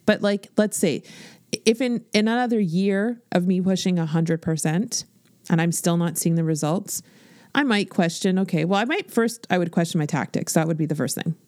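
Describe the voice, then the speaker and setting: A woman in her forties hosting a podcast as a business coach, talking in a blunt, animated, swear-filled motivational style. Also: lowish voice, moderate pace, no room sound, studio quality. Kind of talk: casual motivational podcast monologue.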